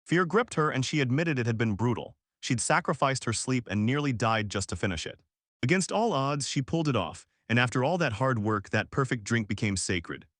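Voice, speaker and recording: Brief: male recap narrator, animated swings in pitch, dry close sound, slangy punchy delivery. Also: no room sound. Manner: punchy, slangy retelling with quick restarts. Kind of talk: casual story recap narration.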